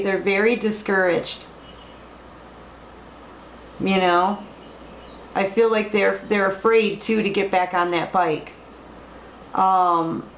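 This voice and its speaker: Slow late nite tarot lady, says things twice, kinda echoey room. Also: mid-range voice. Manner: emphatic, repeats words, fillers. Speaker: tarot reader. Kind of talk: late-night tarot reading. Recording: echoey room with faint background noise.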